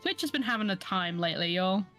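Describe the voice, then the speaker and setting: A woman's voice: mid-range voice, expressive, fast, a bit bright, faint music behind. A woman co-streamer in casual live-stream chat, joking and self-mocking, laughing often.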